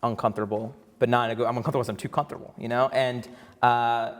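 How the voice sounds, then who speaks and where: This guest actor, an alumnus in his twenties, delivers a rapid-fire story before a campus crowd in a large room. His mid-range voice keeps a steady tone despite constant fillers, restarts and laughter, with long hall reverb throughout.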